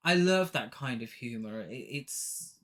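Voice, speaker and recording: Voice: medium pitch, expressive, unhurried. A podcast co-host chatting casually about an old film, enthusiastic and rambling, often trailing off mid-thought. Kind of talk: casual film-review chat.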